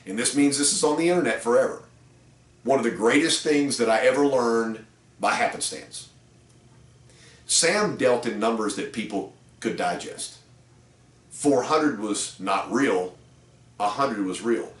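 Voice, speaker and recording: A man's voice: medium pitch, measured pace, pauses often. A middle-aged man who trains car salespeople, telling a story in a casual, rambling way with fillers. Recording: roomy echo, distant mic.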